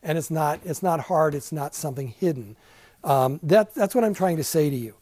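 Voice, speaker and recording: A man's voice: on the high side, lively intonation, normal speed, a little mellow, no room sound, rough recording. An older man teaching a casual Bible class in a church classroom, chatty and self-deprecating, with many asides.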